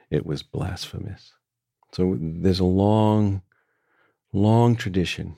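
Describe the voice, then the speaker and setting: An older man, a book author talking as a guest, speaking in a thoughtful, measured way with frequent restarts. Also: low-pitched, dark tone, no echo, studio quality. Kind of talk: reflective conversation.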